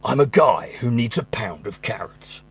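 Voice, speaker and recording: A man imitating a movie trailer announcer with a slow, dramatic, portentous delivery. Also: mid-range voice, animated, fairly bright tone, slightly rough, heavily acted. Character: deep-voiced male movie trailer announcer.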